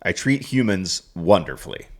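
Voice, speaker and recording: A man co-hosting a casual comedy podcast, with a dry, deadpan delivery. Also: deep voice, moderate pace. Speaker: podcast co-host.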